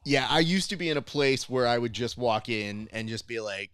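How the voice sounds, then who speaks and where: A man's voice: mid-range voice, moderate pace, hardly any pauses, clean tone, no echo. Upbeat male podcast host. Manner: animated storyteller, acts out quoted exchanges. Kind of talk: casual podcast chat.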